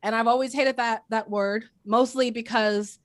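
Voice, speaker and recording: A young woman from East Oakland doing a stand-up set over a video call, with a crisp announcer-like voice and deadpan delivery. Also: fairly high pitch, normal speed, no room sound, clean studio sound. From East Oakland, California. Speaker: stand-up comedian.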